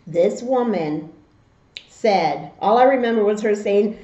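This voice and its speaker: A middle-aged woman tells family stories for her eating vlog, slow and drawn-out. Her voice is mellow and warm. The sound is a little dull and bounces around an echoey room. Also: fairly high pitch. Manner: animated, slow and drawn-out when telling stories. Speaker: mukbang vlogger. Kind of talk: casual storytelling.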